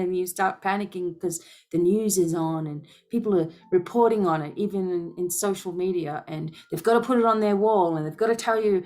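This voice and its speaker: A woman's voice: medium pitch, normal speed, a little mellow. A woman speaking as a spiritual healer in a passionate, emphatic monologue to her followers, driving her points home with rhetorical questions and a repeated "okay?".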